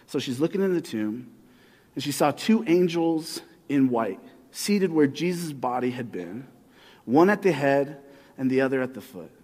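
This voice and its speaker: Animated conversational preacher, fairly high voice. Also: male voice, big-room sound. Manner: conversational and animated, often slowing down for emphasis. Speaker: pastor. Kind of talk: sermon.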